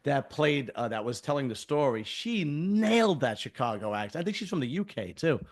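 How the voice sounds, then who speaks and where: Mid-pitched male host, chatty and opinionated in a casual interview. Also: big pitch swings, normal speed. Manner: conversational and opinionated.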